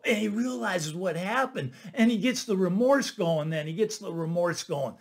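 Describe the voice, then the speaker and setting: Middle-aged guy, pretty high voice, animated real estate talk, keeps saying right? and repeating himself. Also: normal speed, creaky, hardly any pauses. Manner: animated, repeats phrases for emphasis, asks "right?" often. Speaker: real estate agent and channel host. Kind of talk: casual talking-head commentary.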